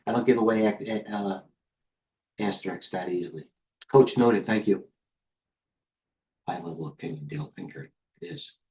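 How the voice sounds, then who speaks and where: A middle-aged man runs a live trading stream, out of breath, speaking in a lowish, dark voice at normal speed with frequent pauses. He rambles casually, cracking self-deprecating jokes and muttering asides to himself.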